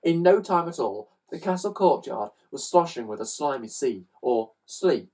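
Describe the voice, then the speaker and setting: Husky, animated woman reading aloud. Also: a bass voice, moderate pace, far from the mic. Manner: animated, with loud sound effects. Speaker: storyteller. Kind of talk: children's story reading.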